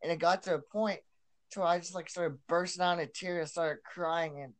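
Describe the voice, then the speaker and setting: A man's voice: on the high side, fairly even intonation, moderate pace. A young man sharing his personal testimony as a podcast guest, earnest and repeating himself, restarting lines as he goes.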